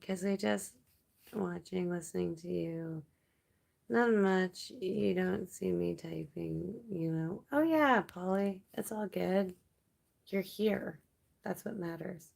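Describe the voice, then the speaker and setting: A woman from Canada hosts a late-night livestream, rambling as she reads her viewers' comments aloud. Her voice sits fairly low and carries heavy vocal fry. She talks at a very slow, easy pace. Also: a little mellow. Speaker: livestream host.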